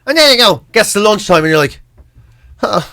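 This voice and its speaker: An Irish man with a high, bright voice spins rambling comic stories as co-host. He keeps it animated and chatty. The sound is close and dry. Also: fast talker, dry recording. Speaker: radio co-host. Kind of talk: comic after-show banter.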